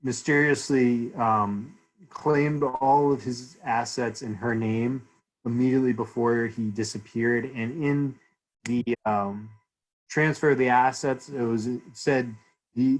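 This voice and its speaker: Young male podcast co-host, dry deadpan jokes, mid-pitched voice. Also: unhurried, poor audio. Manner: deadpan, joking. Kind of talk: casual podcast chat.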